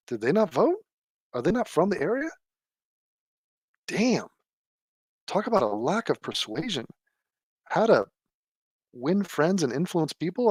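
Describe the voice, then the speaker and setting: A man giving sarcastic, mocking live commentary from a desk at home. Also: no echo. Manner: sarcastic, mocking, mimics people in a low mumble. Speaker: political commentator.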